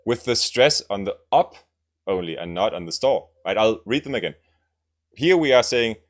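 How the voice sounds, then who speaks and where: A man's voice: mid-range voice, lively intonation, moderate pace. A man teaching language lessons, explaining grammar and repeating example sentences, often checking in with "right?".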